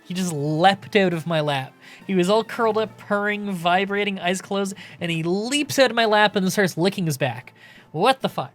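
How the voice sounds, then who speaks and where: Guy streaming a game, loose and sweary, chatty with chat, voice kinda high. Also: moderate pace, fairly bright tone, soft background music. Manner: casual, swears, chats with viewers.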